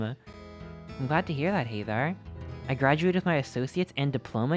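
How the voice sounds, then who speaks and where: A young adult streamer chatting casually with a live chat, upbeat and excitable, reading messages aloud. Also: medium pitch, a little fast, faint music behind.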